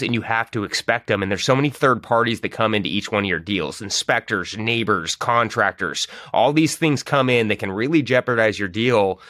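A man hosting a podcast, explaining with emphasis and slowing down to stress his points. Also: mid-range voice, expressive, bright, forceful tone, no echo, clean studio sound. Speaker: podcast host. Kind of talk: casual podcast talk.

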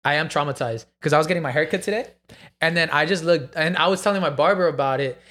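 Animated storytelling man, slightly high voice. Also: quick pace. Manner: animated storytelling, acts out gasps and quotes, swears freely. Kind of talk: casual chat.

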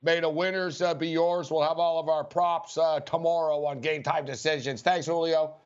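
A man's voice: a little high, steady tone, normal speed, clear, resonant tone, dull audio. A man hosting a sports betting radio show, rambling casually with frequent chuckles.

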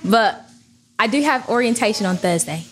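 A shy teenage girl chatting as a guest, talking softly about starting high school. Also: animated, moderate pace. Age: teens. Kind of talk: casual chat.

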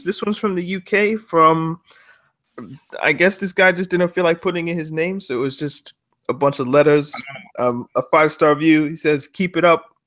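A man with a bright, fairly high voice hosts a casual football podcast. He talks in a relaxed way, pausing on ums as he reads out listener reviews and chats with his co-host. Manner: relaxed, hesitant with frequent ums.

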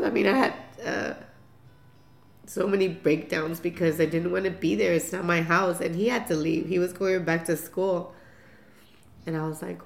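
A woman's voice: lowish voice, steady tone, normal speed, vocal fry, long pauses. A woman in her fifties candidly recounting a family story in an interview, laughing often and restarting sentences. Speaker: mother telling family story. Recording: echoey room with soft guitar music.

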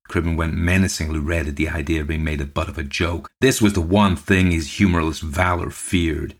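Deep-voiced man reading a ghost story. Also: steady tone, moderate pace, creaky. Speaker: narrator.

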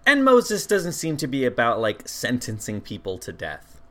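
Bright-voiced man, casual and profane. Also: medium pitch, wildly swooping pitch, normal speed. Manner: swears freely, laughs often, restarts sentences. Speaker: podcast co-host. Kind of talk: casual movie recap chat.

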